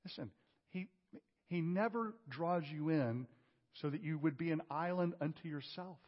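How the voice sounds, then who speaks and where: A male pastor preaching a sermon, asking rhetorical questions and swinging from loud emphasis to hushed tones. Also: on the high side, moderate pace. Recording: dull audio with long hall reverb.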